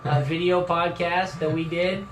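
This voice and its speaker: A man's voice: fairly high pitch, fairly even intonation, unhurried. A man co-hosting a comedy podcast, joking in a folksy put-on drawl and giggling. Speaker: podcast co-host. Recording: roomy, distant mic, faint room noise.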